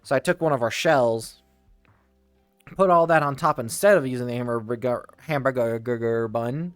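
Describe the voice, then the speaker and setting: Guy rambling through old work stories, lots of restarts, dry close sound, bit of music playing low behind. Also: clean tone, no room sound. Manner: rambling, restarts and tangents, quick laughs. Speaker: streamer telling stories. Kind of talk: casual storytelling.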